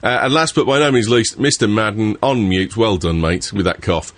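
A man's voice: on the low side, normal speed, fairly bright tone, dry recording. A British man hosting a podcast panel in casual, jokey chat, swearing now and then. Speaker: podcast host.

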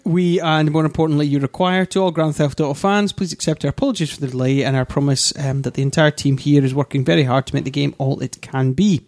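A Yorkshire man talks through gaming news on a casual podcast, his voice sitting a little high. He pads his reading with ums and uhs and breaks into laughter now and then. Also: quick pace, few pauses, darkish tone. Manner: laughs often, reads news quotes with fillers. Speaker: podcast host.

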